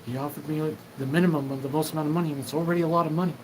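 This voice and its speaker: A man's voice: fairly high pitch, steady tone, very fast, noisy background. A man hosting a solo show, talking in a rambling, profane monologue and acting out quoted back-and-forth exchanges. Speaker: host.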